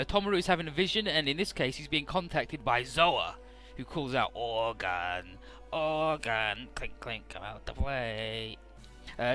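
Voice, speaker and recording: A man's voice: a little high, bright, forceful tone. A man casually narrating and recapping a video game story, rambling and swearing now and then. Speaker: let's play host.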